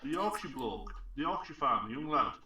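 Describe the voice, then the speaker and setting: Bright-voiced northern English man. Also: a little high, big pitch swings, fairly quick. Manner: chatty, teasing anecdotes. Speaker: live chat participant. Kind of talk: casual chat.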